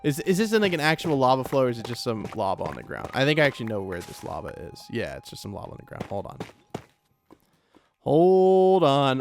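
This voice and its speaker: A young man casually commenting on his own gameplay in a chatty, joking way, quick to get startled and to repeat himself. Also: medium pitch, a little hiss or hum. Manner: chatty, jokey, easily startled, repeats phrases. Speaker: let's play gamer.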